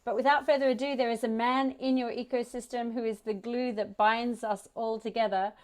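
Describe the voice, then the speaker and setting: An Australian woman hosting a startup pitch event, giving an enthusiastic welcome speech. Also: fairly even intonation, fairly quick. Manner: upbeat, enthusiastic. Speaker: event host.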